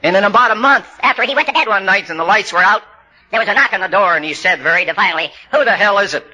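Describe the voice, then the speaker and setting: A man's voice: high-pitched, fast, bright, forceful tone. An older man speaking at a recovery workshop, telling humorous stories that build to punchlines, with blunt, salty language. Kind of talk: storytelling talk at a recovery workshop.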